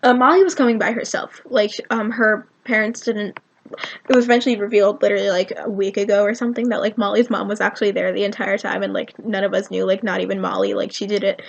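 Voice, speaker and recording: A woman from Virginia telling an excited, rambling storytime in a vlog, full of "like" and "um". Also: medium pitch, fast talker, creaky, lo-fi sound. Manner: excited, rambling, heavy use of "like" and "um". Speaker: vlogger.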